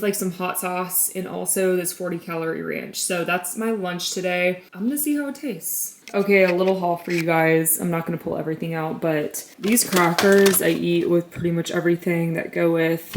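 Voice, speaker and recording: A woman in her twenties, talking to camera in a chatty, upbeat casual vlog from her home kitchen, often saying "like". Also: lowish voice. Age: 20s. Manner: chatty, upbeat, uses "like" a lot. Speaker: vlogger.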